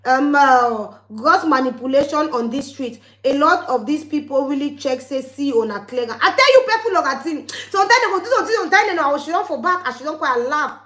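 With a high-pitched, expressive, fairly bright voice, this woman talks briskly with hardly any pauses, in a room with a roomy sound. A vlogger with a West African Pidgin English accent, she rants angrily at her viewers, scolding them heatedly and warning them again and again.

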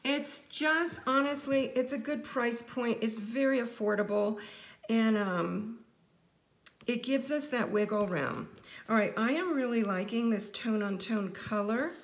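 A woman's voice: on the high side, a little slow. A middle-aged woman teaching a casual card-making tutorial, chatty and playful as she jokes with her viewers.

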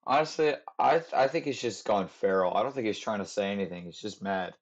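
A man's voice: on the low side, brisk. A man streaming a horror game, chatting to his viewers in a rambling, self-deprecating way. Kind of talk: casual let's-play commentary. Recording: muffled lo-fi mic with noise behind.

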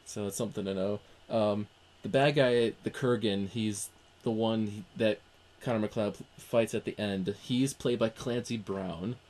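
A man with a fairly low voice talks through movie trivia in a loose, rambling way, often stopping to restart his sentences. It is relaxed podcast chat between friends. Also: measured pace. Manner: rambling, many fillers and restarts. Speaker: podcast co-host. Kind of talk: casual film discussion.

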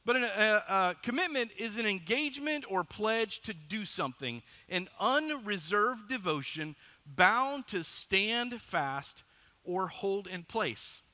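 A middle-aged man preaching a sermon as pastor, telling a story in an animated, self-deprecating way. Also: sits high, slow.

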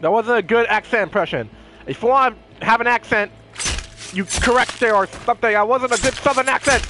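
A man doing casual let's-play commentary, excitable and goofy, playfully scolding characters in the game. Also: high-pitched, moderate pace, background noise. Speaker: gameplay commentator.

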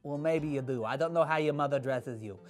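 A performer voicing a sarcastic, easily annoyed kid character in a kids' church skit, grumbling in a dry, deadpan way, with faint music behind. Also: mid-range voice, fairly quick, lightly acted. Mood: bossy cheerleading.

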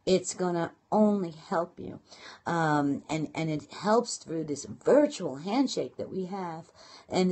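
Husky Brooklyn woman, chatty and fast. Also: on the low side, mellow. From Brooklyn, New York. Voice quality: fast, chatty, many fillers and restarts. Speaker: blogging and marketing coach. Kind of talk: casual live-stream talk. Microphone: phone or webcam live stream.

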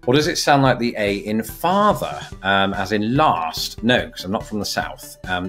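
A man's voice: lowish voice, fairly bright tone. A young man from England, chatting wryly as a video host, with faint music behind. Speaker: YouTube host. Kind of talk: casual commentary.

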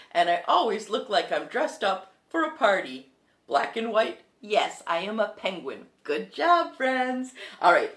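A woman hosting a children's music show, singing songs and teaching about animals, encouraging the kids as her friends. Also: mid-range voice. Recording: echoey room with loud guitar.

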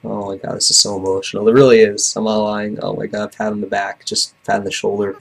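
A man's voice: fairly low pitch, level tone, a little fast, creaky, few pauses, husky. A man hosting a let's play, reacting to the game in emotional, chatty commentary. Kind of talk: casual gameplay commentary.

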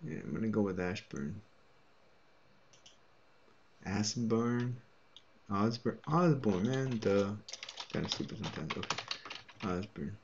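A man's voice: lowish voice, animated, slow pace, long pauses, husky. A man muttering letters and names to himself while he indexes records, with self-deprecating asides. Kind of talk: muttered screen-recording commentary. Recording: muffled audio with loud typing.

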